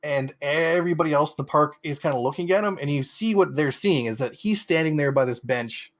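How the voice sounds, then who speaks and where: A man's voice: a little high, brisk. A young man co-hosting a podcast, recapping an anime episode in casual chat, with plenty of fillers and quoted asides. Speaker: podcast co-host.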